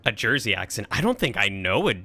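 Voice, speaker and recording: A man's voice: fairly low pitch, very animated, fairly quick, sharp tone, a little hiss or hum. A man casually thinking aloud while streaming a strategy game, chatting with and thanking his viewers. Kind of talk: casual live-stream commentary.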